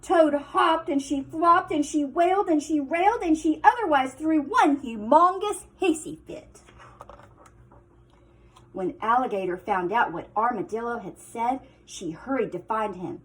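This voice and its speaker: Animated woman teacher reading aloud. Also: sits high, measured pace. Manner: expressive storytelling with hushed asides. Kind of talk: children's read-aloud.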